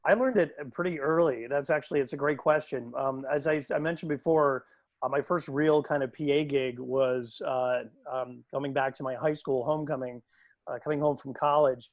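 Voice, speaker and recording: A man who works as a PA announcer, telling stories in a lively, casual way on a video call. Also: mid-range voice, moderate pace, dry recording. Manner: animated, acts out quoted voices.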